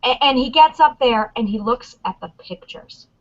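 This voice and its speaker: Excitable woman gushing on a panel. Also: on the high side, normal speed, lo-fi sound. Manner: excitable, acts out lines from scenes. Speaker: convention panelist. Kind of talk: animated fan chat.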